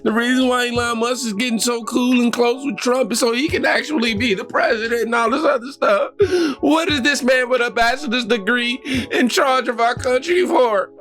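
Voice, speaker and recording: A shrill, panicking liberal critic, whining in a mocking falsetto that sits far above the speaker's own range. A man puts this on as a parody. The tone is bright and pinched. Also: moderate pace. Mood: mocking panic. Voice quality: exaggerated high whiny mockery.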